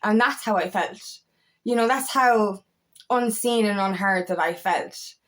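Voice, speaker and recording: A woman who works as an empowerment coach speaks to camera at a measured pace in a mid-range voice, delivering an emotional personal vlog monologue. She's an eccentric, quirky talker who rambles, swears often, and sometimes chokes up.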